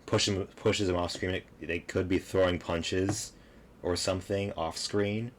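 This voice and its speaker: A man's voice: low voice, fairly even intonation, a little slow, slight background noise. A man giving casual reaction commentary on a video clip, laughing and mocking, rambling with lots of fillers.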